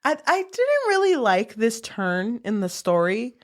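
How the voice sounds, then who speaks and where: A woman's voice: on the high side, huge pitch swings, measured pace. A young woman co-hosting a podcast in casual book-discussion chat, retelling a plot with lots of laughs and casual swearing. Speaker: podcast co-host.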